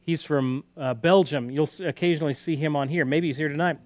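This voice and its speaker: A man's voice: a little high, a little fast. A man hosting a casual live-stream guitar lesson, talking loosely and counting beats aloud while he plays. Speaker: guitar teacher and livestream host. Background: guitar playing.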